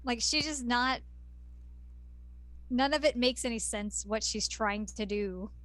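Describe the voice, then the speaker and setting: Chatty opinionated woman, fairly high voice. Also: slow, a bit bright, no room sound. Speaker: podcast co-host. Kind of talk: casual recap chat.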